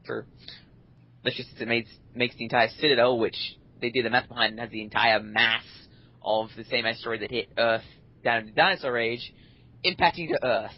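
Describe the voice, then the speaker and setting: A man in casual gaming chat, rambling through animated complaints with restarts. His pitch sits in the middle range. The recording is dull and lo-fi. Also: brisk. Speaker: podcast co-host.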